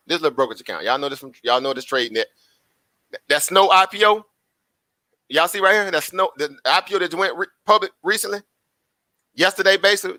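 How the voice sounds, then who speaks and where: Host type: man, bright forceful voice, dry close sound, rhetorical live-stream trader patter. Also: sits high, dry recording. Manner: chatty, repetitive, asks rhetorical questions, laughs often. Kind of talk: casual live-stream commentary.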